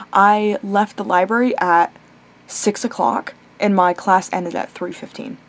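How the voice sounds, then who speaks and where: A young woman rambling casually in a late-night vlog, chatty and animated, full of fillers, restarts and casual swearing, now and then breaking off to talk to her pet. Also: mid-range voice, normal speed. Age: young adult. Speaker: vlogger.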